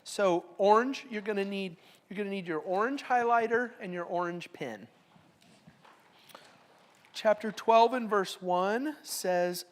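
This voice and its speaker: A middle-aged woman leads a Bible study at an ordinary pitch for her sex. She leans hard into each verse she reads, then drops into easy, joking explanation for her class. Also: unhurried.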